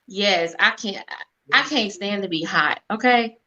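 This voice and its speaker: Bright-voiced woman hosting live. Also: mid-range voice, unhurried, highs cut off. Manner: chatty, hypes the audience, says y'all and okay a lot. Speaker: show host. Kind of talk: live-stream talk show intro.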